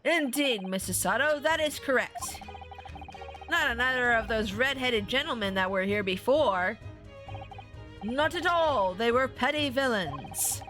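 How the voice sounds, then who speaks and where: A woman's voice: fairly high pitch, expressive, unhurried, sharp tone, faint music behind. A woman voicing a pompous, eccentric male detective in a video game, speaking in a theatrical, grandiose way.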